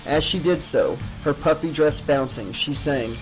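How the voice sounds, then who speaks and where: A man narrating a horror novel as an audiobook in a measured, dramatic reading. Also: a little high, lively intonation, faint music behind, poor audio.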